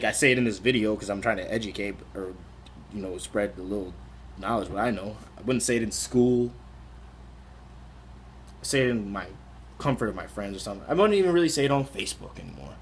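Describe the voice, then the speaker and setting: A man's voice: medium pitch, fairly bright tone, slight background noise. Candid young man rambling to camera. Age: 20s. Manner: candid and rambling, many restarts and "like"s. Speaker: vlogger. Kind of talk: casual talk to camera.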